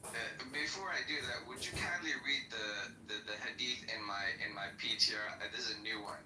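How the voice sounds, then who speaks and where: A man's voice: lowish voice, a little fast, roomy sound, distant mic, background noise. A man whose first language is Arabic, telling mocking jokes in a casual online debate. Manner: joking, mocking storyteller.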